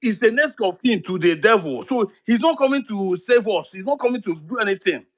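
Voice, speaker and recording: A man's voice: high-pitched, expressive, fairly quick. A Nigerian man with a Nigerian accent giving impassioned political talk on a live audio chat, repeating himself and pleading. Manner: repetitive, pleading, mixes in pidgin.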